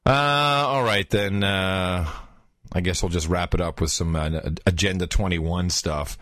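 A man hosting a casual talk show, animated and incredulous as he reacts. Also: sits low, measured pace, no room sound, studio quality. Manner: incredulous, animated, fond of the word "wow". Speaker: podcast host.

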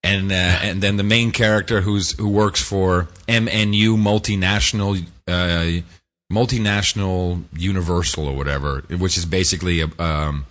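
In a casual podcast chat, a deep-voiced man with a fairly bright tone recaps a film. He rambles along with fillers, restarts and laughs.

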